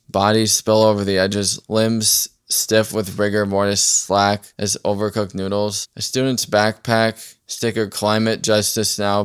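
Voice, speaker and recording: Guy reading a script totally deadpan, low smooth voice, super flat. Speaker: narrator. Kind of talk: scripted narration.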